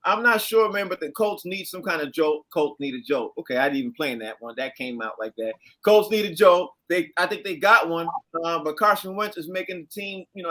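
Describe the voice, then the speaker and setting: Man, sports show host, high bright voice, chatty and quick to laugh. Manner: chatty, laughs easily, tosses questions to co-hosts. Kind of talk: casual sports talk.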